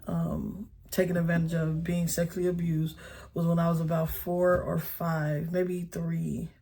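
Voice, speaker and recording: A woman in her thirties tells her own story as a personal testimony. She speaks haltingly and pauses often, and her voice stays level with little rise or fall. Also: fairly low pitch, a little mellow. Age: 30s. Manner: halting, hesitant, full of pauses and fillers.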